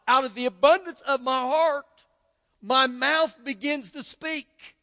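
A man's voice: very high voice, a bit bright. An older man with a Texan accent preaching a sermon as pastor, emphatic and repeating key phrases for stress. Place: church sanctuary. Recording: long church hall reverb.

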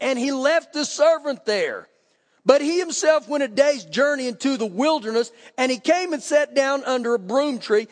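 A man pastor preaching a sermon, reading scripture aloud and then paraphrasing it with emphatic rises in pitch. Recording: long hall reverb.

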